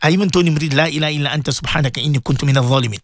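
A man's voice: fairly high pitch, rapid-fire, no echo. A man hosting a radio talk show as a Muslim cleric, telling a story with emotion and religious phrases.

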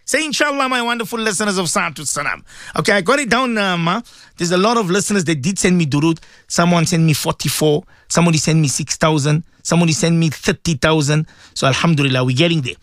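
A man hosting a live morning radio show, chatting in a warm, preachy way and often calling out to his listeners. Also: on the high side, fast, dry recording, clean studio sound. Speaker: radio host. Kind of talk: casual live radio talk.

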